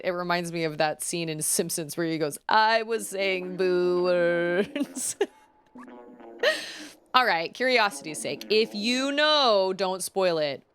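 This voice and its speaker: Woman streamer rambling over a game, kinda low voice but really bouncy, giggles a lot, bit of game music underneath. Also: fairly bright tone, clear, resonant tone. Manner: chatty and giggly, rambling tangents. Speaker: gaming streamer. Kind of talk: casual let's-play commentary.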